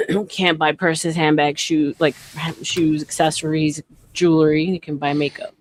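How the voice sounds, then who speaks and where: A woman's voice: low voice, a little slow, a little hiss or hum. A woman hosting a stream, chatting casually and emphatically. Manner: animated, emphatic storyteller. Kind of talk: casual chat.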